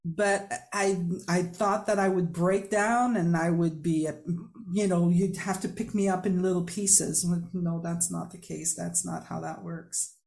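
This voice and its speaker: A woman's voice: lowish voice, fairly even intonation, measured pace, creaky, a little mellow. A woman hosting a podcast interview, chatty and upbeat, who laughs often as she talks. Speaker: podcast host. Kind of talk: casual interview chat.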